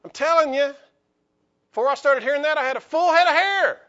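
A male pastor delivering a lively sermon in church, joking with the congregation and calling for amens. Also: extremely high pitch, a little fast, muffled recording.

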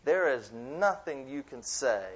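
A man giving a sermon as a youth minister, in lively, conversational preaching with asides. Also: mid-range voice, a little slow, breathy edge. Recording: dull lo-fi sound.

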